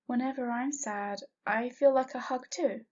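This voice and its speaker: A woman putting on a little girl voice, curious, sweet, breathy, lifted and higher, dull lo-fi audio. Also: moderate pace, a little mellow, lightly acted.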